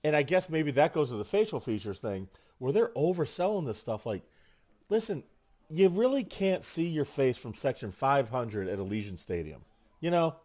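A man co-hosting a casual chat show tells stories with energy, acting out other people's quotes as an animated storyteller. His medium-pitched voice moves at normal speed, with no room sound.

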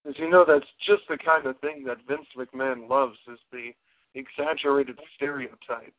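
A man's voice: mid-range voice, steady tone, normal speed, no room sound. A man co-hosting a casual wrestling podcast, giving blunt, emphatic opinions. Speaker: podcast co-host. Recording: dry, phone-like narrow sound.

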